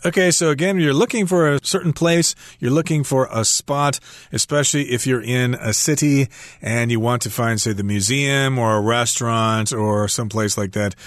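A man of ordinary pitch talks through an English lesson dialogue at an even, friendly pace. The voice sits close to the mic in a dry studio. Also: normal speed, no echo. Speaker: English teacher co-host. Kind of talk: radio English lesson explanation.

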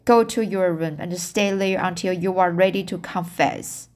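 A woman's voice: fairly low pitch, normal speed, darkish tone, faint music behind, close to an everyday voice. A woman reading the part of a strict, stern older woman guardian in an audiobook, speaking sharply.

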